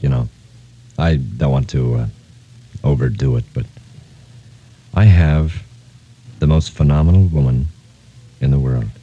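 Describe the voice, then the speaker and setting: Very deep-voiced sentimental radio DJ. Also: male voice, mellow, husky, dull audio. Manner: rambling, heartfelt, sentimental. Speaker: radio disc jockey. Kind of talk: casual on-air radio talk. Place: radio studio. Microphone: studio microphone.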